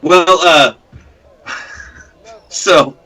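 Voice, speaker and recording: A man's voice: fairly high pitch, extremely slow, pushed and bright, husky, poor audio. A man playing a tabletop role-playing game, laughing often as he talks through his plan. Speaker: player.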